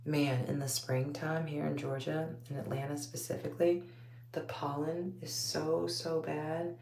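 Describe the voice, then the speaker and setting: A woman's voice: low-pitched, flat delivery, a little slow, gravelly, echoey room, a little hiss or hum. A woman with a Texas accent chatting casually to her viewers late at night at home, rambling, laughing often and calling them y'all. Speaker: vlogger talking to viewers. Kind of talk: late-night casual chat while taking out braids. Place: home at night, under a bright light.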